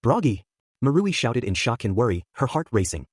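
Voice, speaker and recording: A man narrating a fan fiction story in a steady, even reading voice. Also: mid-range voice, a little fast, breathy edge, dry recording, clean studio sound.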